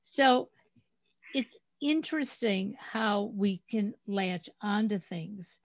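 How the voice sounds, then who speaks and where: A middle-aged woman hosts a podcast and retells family stories in a chatty, animated way. Her voice sits at a middle pitch. The recording is dry and close, with no room sound, over a remote call. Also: takes it slowly, dry recording. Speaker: podcast host. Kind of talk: casual interview chat.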